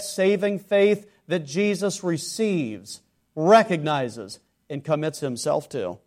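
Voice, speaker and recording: Earnest male preacher, loud then hushed. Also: on the high side, lively intonation, takes it slowly. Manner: swings from loud exhortation to hushed earnest tones; acts out imagined questioners and replies. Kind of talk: sermon.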